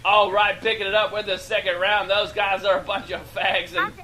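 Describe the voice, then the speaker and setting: A man giving excitable, profane, joking play-by-play commentary over an online shooter match. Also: sits high, normal speed, a crowd in the background. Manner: excitable, hyped, laughing, swearing freely. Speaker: gameplay shoutcaster.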